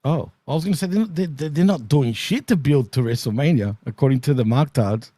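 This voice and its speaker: A man's voice: mid-range voice, lively intonation, a little fast, warm tone, dry recording. A man from Australia with an Australian accent, co-hosting a wrestling review show and laughing often in a laid-back way. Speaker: co-host. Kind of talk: casual wrestling review chat.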